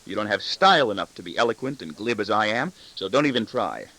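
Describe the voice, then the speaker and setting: A man's voice: fairly low pitch, expressive, quick pace, sharp tone, exaggerated voice, rough recording. A man voicing an arrogant, cutting corporate boss in an audiobook, with a sardonic, self-satisfied delivery. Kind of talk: audiobook reading.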